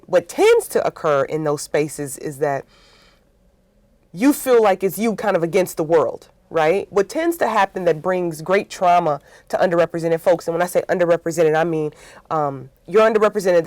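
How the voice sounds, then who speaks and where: A woman's voice: on the low side, no echo. A woman guest in a conversational interview about workplaces, telling stories with acted-out quotes and often adding "right?". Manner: animated storytelling with acted-out quotes; frequent "right?" tags.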